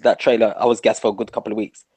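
A young man, co-hosting a casual podcast, talking in an excited and jokey way. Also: lowish voice, racing, breathy edge, poor audio. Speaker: podcast co-host.

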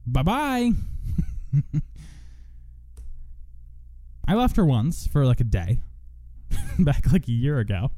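A man's voice: medium pitch, huge pitch swings, takes it slowly, long pauses, warm tone. A young man hosting a solo podcast, venting in a profane, rambling monologue full of restarts. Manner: profane, rambling, self-interrupting. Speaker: podcast host.

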